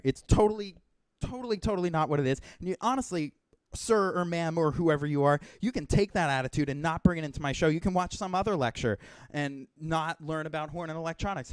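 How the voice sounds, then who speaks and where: A young man on stage, a performer giving comic banter between pieces with deadpan fake outrage that swings from muttering to loud ranting. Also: a little high, clean tone, no room sound. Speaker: performer introducing his music. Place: Hawaii.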